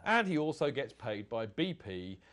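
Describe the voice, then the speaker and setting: A man's voice: medium pitch, very animated, normal speed, fairly bright tone. A man hosting a casual fan podcast, chatty and rambling, reading out quotes. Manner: rambling, chatty, does comic voices when quoting. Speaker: podcast host.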